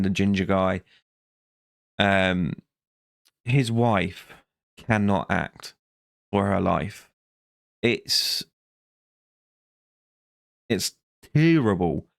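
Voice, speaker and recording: A worn-out man rants through a rambling, sarcastic vlog review, correcting himself as he goes. His voice sits fairly low and sounds dry and close, with no room around it. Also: no room sound. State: tired. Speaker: vlogger.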